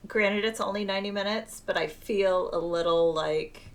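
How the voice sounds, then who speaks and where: A female podcast co-host, a mother of school-age kids, talks in a chatty, easygoing way. She keeps dropping into quick retellings of what her family said. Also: mid-range voice. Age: adult with school-age children. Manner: chatty, quotes people in lively asides. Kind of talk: casual film review chat.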